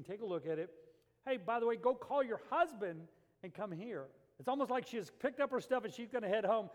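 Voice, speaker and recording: A middle-aged man preaching in a relaxed, chatty way, slipping into the voices of the people in his story. His voice sits high for a man and rings with the long reverb of a large hall. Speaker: pastor. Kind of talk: sermon.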